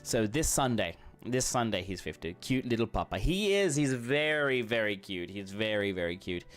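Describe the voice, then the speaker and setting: A man streaming a game, talking casually and rambling warmly, with lots of fillers and restarts. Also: fairly low pitch, sing-song, moderate pace. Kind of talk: casual chat while streaming. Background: faint background music.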